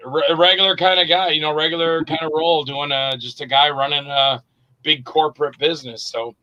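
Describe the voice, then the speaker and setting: A man, an actor and director, chatting as an interview guest and telling animated stories. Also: on the high side, a little fast, highs cut off. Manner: animated storyteller, acts out quotes. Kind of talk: casual interview chat.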